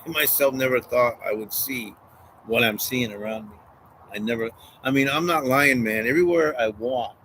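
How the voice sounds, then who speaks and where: A man's voice: medium pitch, fairly bright tone, a little hiss or hum, rough recording. A man casually talking through a Bible passage and reading it aloud, rambling and repeating phrases. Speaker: street preacher.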